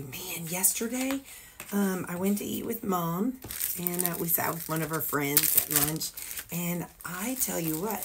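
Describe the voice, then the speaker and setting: Woman, rambling home vlog, phone held in hand, lowish pitch. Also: a little hiss or hum. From Missouri. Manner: rambling, many fillers and asides. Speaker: vlogger. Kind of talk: casual chat to camera. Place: her home.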